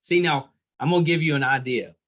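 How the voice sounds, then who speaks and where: A man's voice: on the high side, fairly quick, a bit bright. A middle-aged man hosting a podcast interview, easygoing and jokey in casual chat. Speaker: podcast host.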